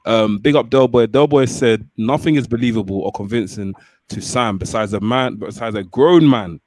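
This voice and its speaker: A man's voice: on the low side, moderate pace, darkish tone, no echo. A man hosting a podcast, reading out listener comments in an easygoing way. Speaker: podcast host. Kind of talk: casual podcast chat.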